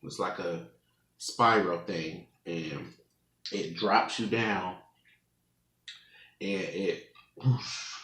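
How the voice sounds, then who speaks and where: A man in his twenties tells a long, rambling story to his viewers and laughs often as he goes. His voice sits a bit low but sounds bright and forward. He talks slowly, and the room around him echoes. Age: 20s. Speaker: mukbang vlogger. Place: room at home.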